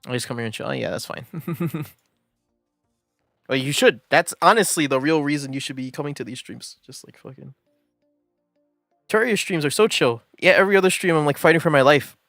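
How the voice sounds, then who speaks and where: A man's voice: on the high side, expressive, fairly quick, gravelly, long pauses, fairly bright tone, dry recording, studio quality, soft background music. A man chatting casually while streaming a game, laid-back and rambling, laughing often between thoughts. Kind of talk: casual gaming stream chat.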